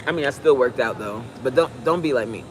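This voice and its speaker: A woman's voice: very deep voice, quick pace, slight background noise. A fitness coach, a woman, giving a blunt, preachy, joking pep talk on a live stream.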